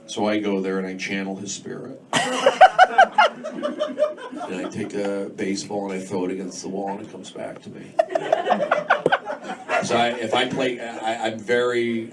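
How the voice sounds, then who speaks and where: Rambling American man doing stand-up. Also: lowish voice. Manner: rambling, jumpy, talks straight to the crowd. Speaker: stand-up comedian. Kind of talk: live stand-up set. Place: comedy club stage. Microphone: handheld mic, recorded from a distance. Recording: distant, very noisy live club recording. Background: audience laughter.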